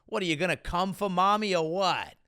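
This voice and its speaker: A man's voice: high voice, a little fast, bright, forceful tone, smooth, no echo, clean studio sound. A man putting on a crude Boston-accented woman. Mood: crude, coaxing. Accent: mock Boston. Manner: lewd, rowdy, coaxing.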